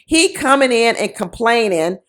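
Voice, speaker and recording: A woman's voice: on the high side, animated, normal speed, fairly bright tone. A woman giving casual, sassy commentary on a reality show, mocking the people in it with quoted voices.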